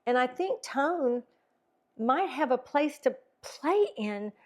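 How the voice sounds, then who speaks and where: A middle-aged woman co-hosting a casual faith and wellness talk show, animated, acting out tones of voice and laughing often. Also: high voice, takes it slowly. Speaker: podcast co-host.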